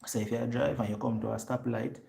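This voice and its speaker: A man with a Jamaican accent telling a story to his viewers in lively patois, acting out what other people said. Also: mid-range voice, quick pace, gravelly. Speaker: vlogger.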